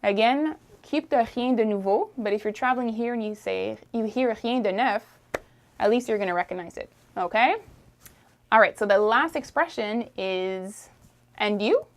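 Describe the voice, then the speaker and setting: A woman teaching a French lesson, repeating phrases slowly and encouraging the learner to try. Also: fairly high pitch. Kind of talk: friendly language lesson.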